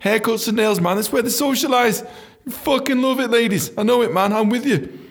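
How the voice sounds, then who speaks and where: A man's voice: extremely high pitch, a little fast. A young adult man from England telling a story casually, swearing often and saying "man" a lot. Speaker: podcast storyteller.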